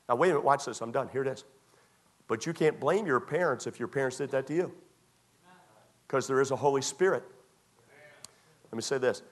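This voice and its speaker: A man preaching a sermon from the pulpit in a middle-pitched voice. He hammers phrases again and again, then often drops to a quiet, low-key tone. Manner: emphatic, repetitive, often dropping to a quiet tone. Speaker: pastor.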